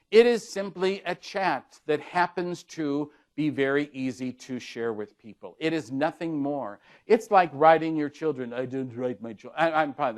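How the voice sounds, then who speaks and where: A man in his sixties giving a keynote talk, telling anecdotes with dry humor and acting out the dialogue. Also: on the high side. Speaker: keynote speaker on leadership communication.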